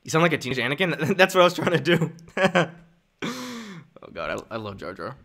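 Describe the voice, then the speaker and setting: A young man chats casually on a live stream at his desk mic, animated and quick to laugh. His tone is bright and his pitch bounces around a lot, with frequent stumbles and restarts. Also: creaky.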